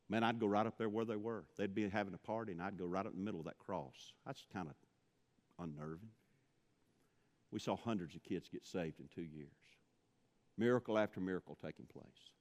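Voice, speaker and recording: A man's voice: sits low, in a large hall. A man from Mississippi, preaching a sermon, telling stories and building to impassioned pleas. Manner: storytelling, rising to impassioned pleading.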